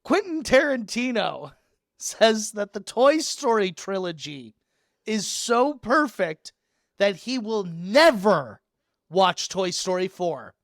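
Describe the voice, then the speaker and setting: Excitable young man with a dry close voice. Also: high-pitched, slow pace, no echo. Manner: excitable, loud, laughs often. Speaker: podcast co-host. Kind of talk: casual chat.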